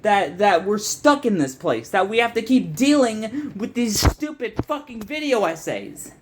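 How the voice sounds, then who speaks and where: A young adult video essayist delivers a frustrated, profanity-laced rant that rambles and restarts often. The voice sits at a middle pitch. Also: lively intonation, unhurried, background noise. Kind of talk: ranting commentary.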